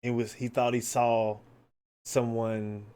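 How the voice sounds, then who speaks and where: A man hosting his own podcast, chatting casually in a loose, excitable way, swearing freely and filling his talk with "like" and "man". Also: mid-range voice, slow pace, clear, resonant tone. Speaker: podcast host. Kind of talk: casual solo podcast chat.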